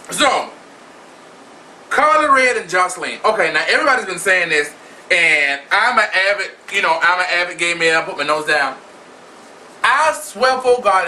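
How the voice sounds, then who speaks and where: A man with a high, bright voice and a forceful tone vlogs casual gossip commentary in a sassy, profane, flamboyant style. The mic sits at a distance and picks up faint noise.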